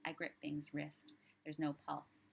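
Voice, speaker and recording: A woman author reading her own crime story aloud in measured, low-key narration. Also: completely flat delivery, gravelly, a little hiss or hum.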